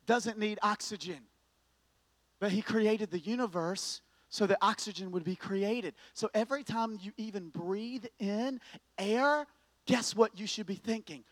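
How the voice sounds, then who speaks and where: High-voiced animated male preacher. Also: unhurried, no room sound. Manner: animated storytelling, swinging from hushed to loud and emphatic; repeats words when starting sentences. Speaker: pastor. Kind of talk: sermon.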